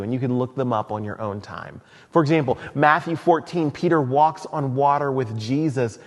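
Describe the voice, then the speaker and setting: A male pastor delivering a sermon in a church, talking through scripture like a friendly storyteller. His voice sits at a middle pitch. Long reverb hangs in the hall around him. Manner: conversational, animated storytelling.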